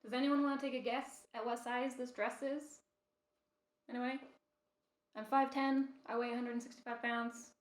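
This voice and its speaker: A woman's voice: a little high, level tone, normal speed. A young adult woman hosting her own vlog, chatting casually to camera with lots of fillers and restarts. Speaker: vlog host.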